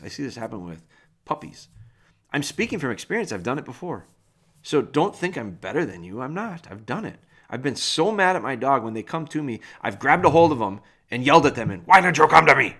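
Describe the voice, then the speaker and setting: Man, dog trainer, folksy podcast host, plain-spoken, mid-pitched voice, animated. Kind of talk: casual advice talk.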